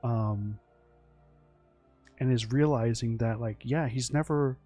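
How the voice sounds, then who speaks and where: A man's voice: mid-range voice, takes it slowly, warm tone, faint music behind. A man telling a loose, meandering story about his original characters, full of fillers, restarts and swearing. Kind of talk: casual rambling storytelling.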